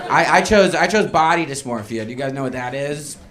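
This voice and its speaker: A man's voice: on the high side, expressive, a little fast. A man doing a self-mocking stand-up set on a comedy club stage. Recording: live club with crowd laughter.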